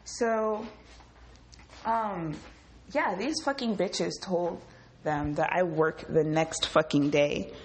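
A woman hosting a podcast from her home kitchen, telling a story in a profane, rambling, animated way. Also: fairly low pitch, takes it slowly, pauses often, slight background noise, low-quality recording. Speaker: podcast host. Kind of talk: casual storytelling monologue.

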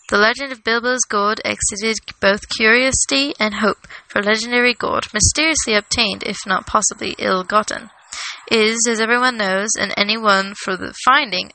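A woman narrating a novel aloud with a steady storytelling cadence. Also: a little high, dry recording, low-quality recording. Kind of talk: audiobook reading.

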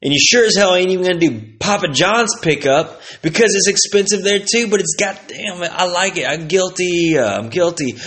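A man's voice: high voice, brisk, few pauses, fairly bright tone. A young man from Texas, ranting casually and swearing constantly, his voice jumping up when he gets worked up. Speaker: vlogger. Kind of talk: casual profane rant.

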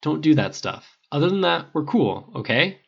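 A man's voice: on the high side, very animated, moderate pace, vocal fry, muffled recording, pitched above the performer's own voice. Man reading as Tony Stark, flippant and blunt. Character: brash sarcastic man, quick and defensive.

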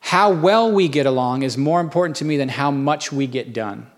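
A middle-aged pastor preaches a sermon in a medium-pitched voice at normal speed. He tells stories in a folksy manner, breaking into animated bursts when quoting others.

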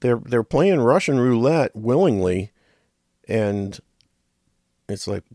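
A man's voice: medium pitch, lively intonation, normal speed, creaky, dark tone, dry recording, clean studio sound. A middle-aged man hosting a radio talk show, rambling in a folksy way with chuckles and muttered asides.

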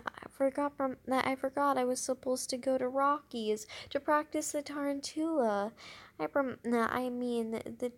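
A woman reading a children's book aloud, voicing an excitable, dramatic young girl and often stumbling over words. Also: sits high.

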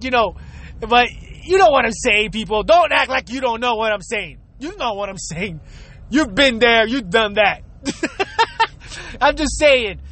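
Stuck in traffic, a man hosting his own show delivers a profane comedic rant from his car, swearing often, laughing and firing off rhetorical questions. The voice is very high-pitched, pushed and bright.

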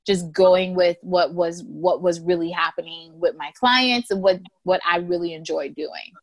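A woman lawyer as a podcast guest, telling stories in a lively, casual way and acting out quoted voices. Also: on the low side, unhurried, no echo. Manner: animated storyteller, acts out quoted voices with laughter. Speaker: guest, intellectual property lawyer.

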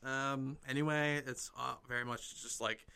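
A man's voice: medium pitch, fairly even intonation, normal speed, gravelly, pushed and bright, clear, resonant tone. A man improvising a comic story, rambling and playful, often breaking into giggles.

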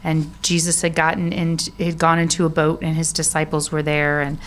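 A woman co-hosting a casual faith podcast, telling Bible stories with animated asides and many "you know"s. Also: low-pitched, moderate pace, slight background noise. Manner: animated storyteller, reads scripture aloud, frequent "you know". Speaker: podcast co-host.

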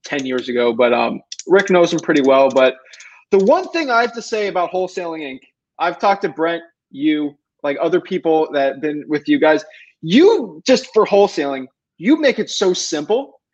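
A man's voice: fairly high pitch, very animated, moderate pace, highs cut off. A man hosting an interview who chats casually and in an enthusiastic, rambling way. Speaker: podcast host.

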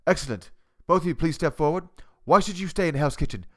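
A man's voice: on the high side, expressive, fast talker, a bit bright, voice pushed up. A man doing a raging foul-mouthed TV head chef. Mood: clipped interrogating. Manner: barking, insulting, clipped commands. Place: home basement. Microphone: cheap desktop USB mic.

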